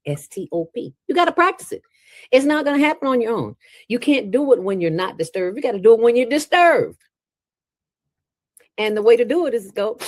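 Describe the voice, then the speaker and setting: A woman with a fairly low voice that swings widely in pitch, talking as an interview guest. She is playful and preachy and often leaps upward for emphasis. The sound is dry and close, with no room. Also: no echo. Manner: animated, playful, preachy, with sudden jumps in pitch. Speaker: interview guest, nonprofit founder. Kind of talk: casual interview talk.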